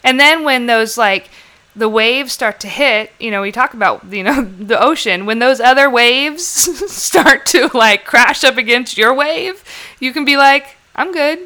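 A woman chatting casually in a bright, crisp voice. She tells stories candidly and animatedly, swearing freely as she goes. Her voice is clear and sharp. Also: a little high, a little slow. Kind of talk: casual chat.

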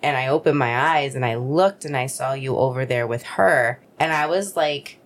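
Low-voiced woman telling a story. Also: normal speed, a little hiss or hum. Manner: animated storytelling, acts out her own thoughts in high voices. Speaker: podcast co-host. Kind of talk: casual chat.

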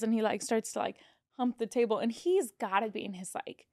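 A woman casino dealer and podcast co-host telling a story in casual chat, animated, full of "like" and the odd swear word. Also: fairly high pitch, fairly quick, dry recording, studio quality. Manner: animated, heavy use of "like", swearing.

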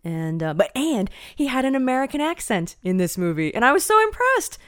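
A woman co-hosting a casual chat, telling stories with excitable energy. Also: high-pitched, a little fast, no echo, studio quality. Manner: excitable, lively storyteller.

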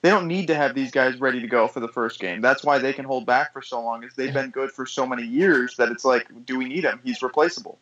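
Fast-talking young man, lo-fi sound. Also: mid-range voice, fairly bright tone. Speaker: podcast co-host. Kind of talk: casual sports chat. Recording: dull lo-fi sound.

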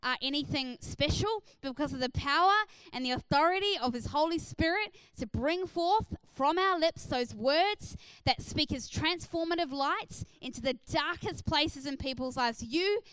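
A woman delivers a sermon in a high, bright-toned voice, earnest and encouraging. She drops in "uh" fillers often as she builds her points. The sound is close and dry, with no room echo. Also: animated, moderate pace, hardly any pauses. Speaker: preacher.

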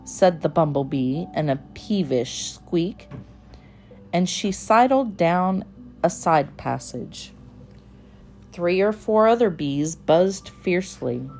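A woman reading a children's storybook aloud in a gentle, measured voice. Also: fairly low pitch, big pitch swings, creaky, faint music behind. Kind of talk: storybook read-aloud narration.

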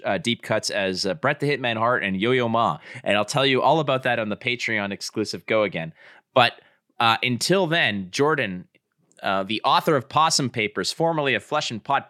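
A male podcast host with a bright, forward voice that swings widely up and down in pitch. He talks in a playful, joking way, and the sound is close and dry. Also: no room sound. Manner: playful, animated, jokey. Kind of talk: casual podcast chat.

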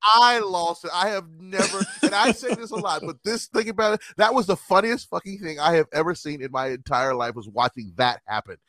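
A man telling stories in a casual chat, animated and profane, often laughing. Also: sits high, fairly quick, hardly any pauses.

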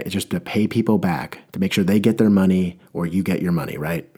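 A man's voice: low-pitched, brisk, few pauses, dark tone, breathy edge. A young man delivering a rambling, mock-earnest comedic rant, often stopping to correct himself.

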